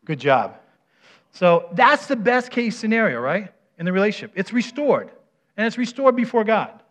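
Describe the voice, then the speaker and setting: A man's voice: high-pitched, very animated, moderate pace, fairly bright tone. A man preaching a conversational sermon, often checking in with the congregation with "right?" as he leads a live demonstration. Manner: asks the audience questions, often adds "right?". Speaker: pastor. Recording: dull, muffled recording.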